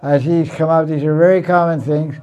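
Brief: male language teacher, slightly high voice, gruff teasing classroom lecture, dull recording. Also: steady tone, fairly quick, a little mellow. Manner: blunt, teasing, repeats himself. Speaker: Sanskrit teacher.

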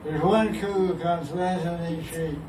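With a slightly high voice, a steady tone and a measured pace, this man teaches a group about verses, laughing often and imitating sounds in a relaxed, playful way. The recording is distant and echoey, with some background noise.

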